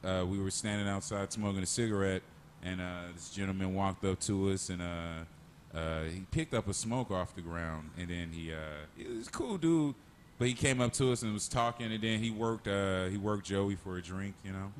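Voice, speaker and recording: A man's voice: low-pitched, normal speed, a little hiss or hum. A man hosting a casual comedic chat, profane and jokey, slipping into voices for his stories. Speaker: podcast host.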